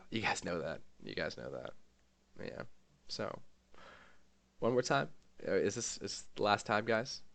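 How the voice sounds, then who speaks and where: A man streamer giving an emotional, rambling farewell to his gaming community, with lots of fillers and pauses. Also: lowish voice, big pitch swings, gravelly, fairly bright tone, no room sound. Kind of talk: heartfelt farewell vlog.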